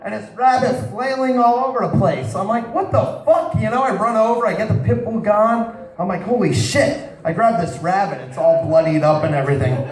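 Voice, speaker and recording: In a bar packed with a live crowd, a man does crude stand-up, spinning stories and talking to audience members. His voice sits high and moves a little fast, and the faraway mic catches the room's echo and crowd chatter.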